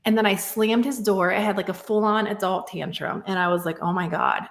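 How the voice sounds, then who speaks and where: A woman in her thirties talks through a personal story in a reflective, casual podcast conversation. She often stops to check in with "right?" and fills gaps with "like." Her voice sits in a middling pitch and rings a little in a roomy space. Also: fairly even intonation, fairly quick. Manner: reflective, many fillers like "like" and "right?". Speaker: podcast guest.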